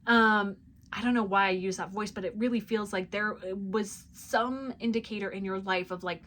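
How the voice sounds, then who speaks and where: Soft-spoken woman giving a spiritual reading. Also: mid-range voice, steady tone, moderate pace, slight background noise. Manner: soft and intimate, often dropping to a near-whisper, loose with fillers. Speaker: spiritual reader and channel host. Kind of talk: intuitive spiritual message to viewers.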